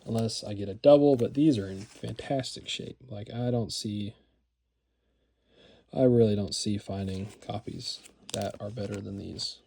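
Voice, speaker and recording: A man with a slightly low, mellow, relaxed voice chats casually about his collection. He rambles with frequent fillers and restarts, and repeats words when he gets excited. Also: measured pace, gravelly. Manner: rambling, filler-heavy, enthusiastic. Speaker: card collector vlogger. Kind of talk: casual show-and-tell narration.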